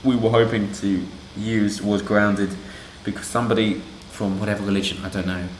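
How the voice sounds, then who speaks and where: A man's voice: fairly low pitch, flat delivery, normal speed, slight background noise. A man doing casual commentary on a news story, sarcastic and rambling with asides. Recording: roomy echo.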